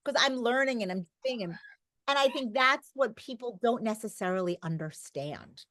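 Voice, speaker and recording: A woman's voice: fairly high pitch, animated, normal speed, pushed and bright, dry recording. Talkative, emphatic middle-aged woman. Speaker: podcast guest. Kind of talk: conversational interview.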